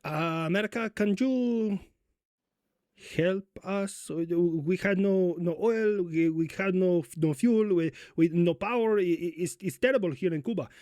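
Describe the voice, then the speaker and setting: A desperate Cuban leader, as a man plays him in a comedy bit, stammering and begging. The voice sits a little high for a man. The sound is dry and close. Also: measured pace, a little mellow, dry recording. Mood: pleading. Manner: stammering, pleading. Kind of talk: comedic country role-play.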